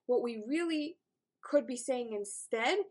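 A middle-aged woman teaches a self-help class. Her voice sits a little high, and she talks earnestly. She acts out the thoughts she quotes with lively energy. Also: unhurried. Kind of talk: spoken self-help lesson.

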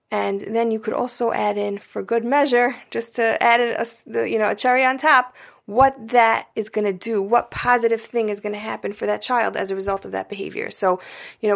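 A woman's voice: fairly high pitch, steady tone, brisk, gravelly. A woman giving a casual spoken parenting lesson, coaching listeners directly and often checking in with "right?" and "you know". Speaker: parenting educator.

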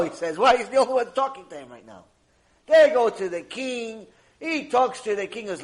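A man teaching Torah through a story, telling it in an animated way and acting out each character. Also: very high voice, moderate pace, rough recording. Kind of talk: storytelling lesson.

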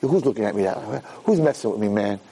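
A man voicing a tipsy young man who swaggers and picks fights, a bit lower than his own voice. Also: lively intonation, fast talker, dark tone, breathy edge. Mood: belligerent. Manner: swaggering, confrontational.

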